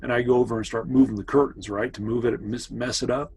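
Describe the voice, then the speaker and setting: A man speaks fast in a steady, medium-pitched voice, with a little hiss or hum and poor audio overall. He's telling his brother old family stories in a relaxed, meandering fashion, full of asides directed at him.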